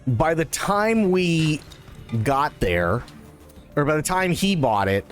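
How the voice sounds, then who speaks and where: A man streaming a game live who tells a long, rambling story in casual, profane, animated chat and laughs at his own tales. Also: a little high, takes it slowly, soft background music.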